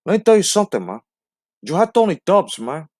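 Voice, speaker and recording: A man's voice: a little high, sing-song, a little fast, a little mellow, no echo, studio quality. A man voicing a swaggering, foul-mouthed Cuban gangster who taunts and boasts, tacking "man" onto nearly every phrase. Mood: boastful.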